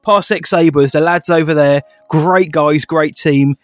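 A man's voice: fairly high pitch, fairly even intonation, unhurried, dry recording, studio quality. A man co-hosting a podcast, chatting casually and laughing easily. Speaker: podcast co-host. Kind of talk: casual chat, reading a sponsor spot.

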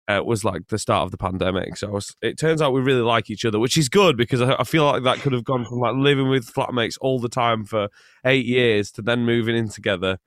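Young man, English accent, relaxed rambling interview guest; dry sound. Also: fairly low pitch, dry recording. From Scotland. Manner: chatty, laughs often, rambling restarts. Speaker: musician guest. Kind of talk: casual interview chat.

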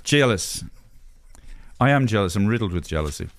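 A man's voice: on the low side, lively intonation, normal speed. A man hosting a comedy podcast, brash and sweary, talking over his guest. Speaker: podcast host.

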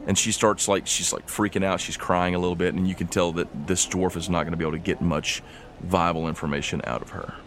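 Deep-voiced man running a tabletop game. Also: steady tone, fast talker, fairly bright tone, a little hiss or hum. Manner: loose, rambling narration with fillers. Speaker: game master.

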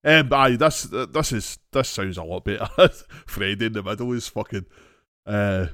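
A Scottish man co-hosting a casual chat, halting and repeating himself as he agrees and gives his view. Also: on the low side, sharp tone, dry recording, studio quality. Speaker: podcast co-host.

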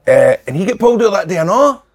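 A Scottish man chatting excitably, telling a story with laughs and quoted voices. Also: sits high, fast. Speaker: wrestler guest. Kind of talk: casual chat.

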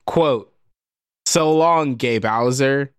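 A man's voice: mid-range voice, very slow, smooth, dry recording, studio quality. A man on a comedy podcast, talking in a blunt, emphatic way. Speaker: podcast panelist. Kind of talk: casual comedic chat.

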